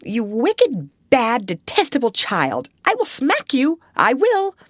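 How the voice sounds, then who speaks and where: A plump, flustered lady of middle age, as a woman reader puts her on, squeaking far above the narrating voice. She sounds helpless and excitable, coaxing one moment and shrilly scolding the next. The storybook sound is dry and close. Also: slow pace, dry recording, full character voice.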